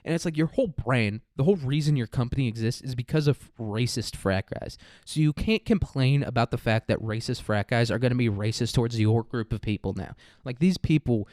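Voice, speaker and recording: A man's voice: mid-range voice, a little fast, few pauses, a little mellow, dry recording. A man hosting a casual commentary podcast, ranting with profane sarcasm and laughing at his own jokes. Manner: profane, sarcastic, mocking mimicry.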